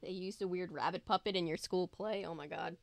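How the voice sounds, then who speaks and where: A woman's voice: fairly low pitch, steady tone, a little fast, gravelly, no room sound. Chatty woman reading a spooky kids' book. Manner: casual, chatty remarks to viewers between passages. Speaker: book reader and video host. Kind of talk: reading a children's book aloud, with chatty asides.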